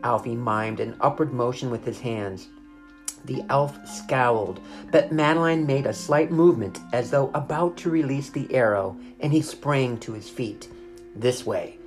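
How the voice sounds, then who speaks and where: Brief: mid-pitched audiobook narrator for a kids' fantasy chapter book; steady, expressive read; light guitar bed. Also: normal speed. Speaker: storyteller. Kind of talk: reading a children's chapter book aloud.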